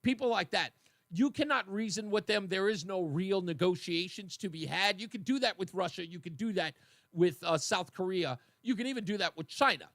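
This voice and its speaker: A talkative man hosting a call-in radio show from a studio. His voice sits high for a man and is close-miked and dry, with no room sound, and he wanders through his thoughts in a loose, friendly ramble. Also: expressive, fairly bright tone, dry recording. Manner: chatty, rambling, quick to laugh. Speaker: radio talk show host. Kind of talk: casual call-in radio chat. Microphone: studio microphone.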